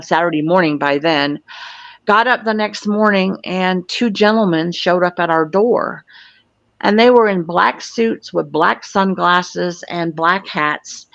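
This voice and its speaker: A woman's voice: on the low side, dry recording. A woman in her sixties from Florida, a guest recounting a personal experience in an earnest, matter-of-fact way. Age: 60s. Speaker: guest, UFO field investigator. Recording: dull lo-fi, dry.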